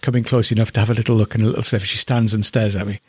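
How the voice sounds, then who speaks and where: Middle-aged farmer type from northeast England, low and a bit breathy, chatty and affectionate, in a dry, close sound. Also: male voice, level tone, very fast, dry recording. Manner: chatty and affectionate, thinking aloud. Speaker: alpaca keeper. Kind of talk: casual spoken commentary.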